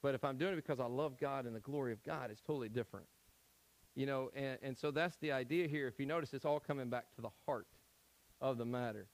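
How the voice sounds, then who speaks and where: A man's voice: mid-range voice, fast talker, rough recording. Man from Tennessee preaching conversationally. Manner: conversational preaching with frequent "okay?" check-ins. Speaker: pastor. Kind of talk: evening Bible study sermon.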